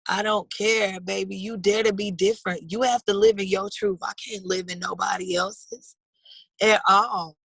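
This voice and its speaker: A woman's voice: medium pitch, steady tone, normal speed, gravelly, fairly bright tone, breathy edge, dry recording, poor audio. A woman in her thirties speaking in a heartfelt, earnest way in a personal interview, often calling people "baby". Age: 30s.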